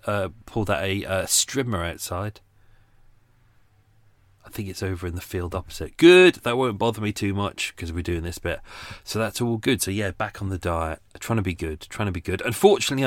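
A man's voice: fairly low pitch, fairly bright tone, no room sound, clean studio sound. A middle-aged man hosting a podcast in a casual, rambling chat full of fillers and restarts, talking outdoors by his boat. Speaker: podcast host.

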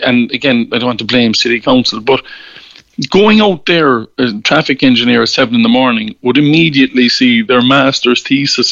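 A man's voice: mid-range voice, fairly bright tone, no room sound, highs cut off. A man with an Irish accent, a newspaper columnist guest, talking in a rambling, wry way with repeated words. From Ireland. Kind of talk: casual radio interview.

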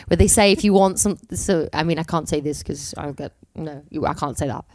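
An actress talking as a podcast guest outdoors, chatty, giggly and rambling on a handheld mic. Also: female voice, sits low, brisk, a little mellow, dry recording, clean studio sound. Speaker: actor guest. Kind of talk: casual chat. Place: outdoors under a big wheel on a cold day. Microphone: handheld interview mic.

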